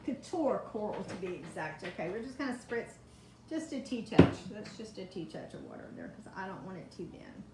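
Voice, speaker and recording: A woman's voice: medium pitch, expressive, a little fast, few pauses, very noisy. A woman chatting through a live craft demonstration, greeting viewers by name from her home kitchen. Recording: echoey kitchen, faint ambience.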